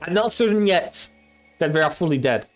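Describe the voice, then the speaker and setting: A man's voice: fairly high pitch, animated, normal speed, soft background music. A man streaming himself reading a visual novel aloud, switching between narration and casual, swearing commentary.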